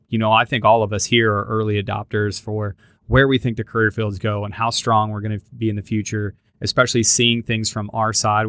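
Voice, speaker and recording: A man's voice: on the low side, fairly bright tone, no echo. A middle-aged man hosting a podcast, talking earnestly in casual chat with lots of restarts. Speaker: podcast host.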